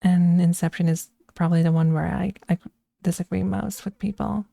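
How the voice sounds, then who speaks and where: A woman streamer chatting casually and giving her opinions in an unhurried way. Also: fairly low pitch, steady tone, creaky, dark tone, dry recording. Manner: unhurried and opinionated, with frequent restarts. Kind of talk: casual chat, ranking films.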